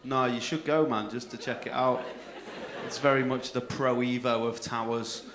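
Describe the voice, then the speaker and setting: A young man with a North-West English accent doing loud, sweary crowd-work banter as a comedy club compere. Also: mid-range voice, steady tone, moderate pace. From England. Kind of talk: live stand-up crowd work. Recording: echoey club room with crowd noise.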